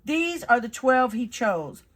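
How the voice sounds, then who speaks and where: A woman's voice: fairly high pitch, big pitch swings, takes it slowly. A woman, reading the Bible aloud and reflecting on it in a chatty, earnest way with many fillers.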